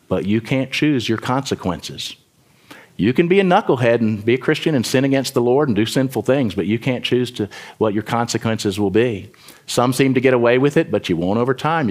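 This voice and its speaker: A man preaching a sermon as pastor, building to sudden loud emphatic bursts and dropping back to a conversational tone. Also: fairly low pitch. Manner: mimics voices in quoted asides.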